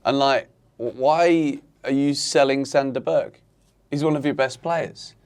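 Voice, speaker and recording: A man hosting a casual football chat, talking in animated, exasperated rants. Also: mid-range voice, unhurried. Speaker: football podcast host.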